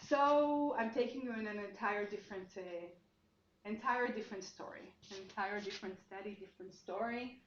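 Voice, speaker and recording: A woman's voice: mid-range voice, moderate pace. A woman presents her research at a seminar, explaining as she goes and often reworking her sentences mid-thought. Her voice carries through an echoey room with a dull, muffled tone and a faint hiss of noise behind it. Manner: explanatory, thinking aloud with frequent restarts. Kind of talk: academic seminar talk.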